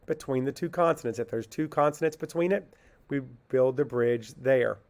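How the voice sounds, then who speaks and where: A man's mid-range voice with a darkish tone carries a phonics lesson for kids. He patiently poses a question, answers it himself, and slowly sounds out words by syllable.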